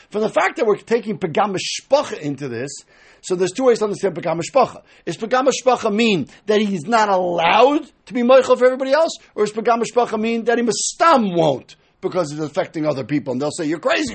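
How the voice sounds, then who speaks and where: A man's voice: high voice, breathy edge. A man teaching a Talmud study lecture, explaining step by step and acting out the speakers he quotes.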